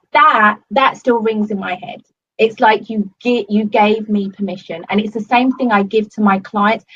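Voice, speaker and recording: A woman's voice: medium pitch, lo-fi sound, a little hiss or hum. A woman giving a casual testimonial to her coach, gushing and swearing often, with many fillers. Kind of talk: casual video-call testimonial.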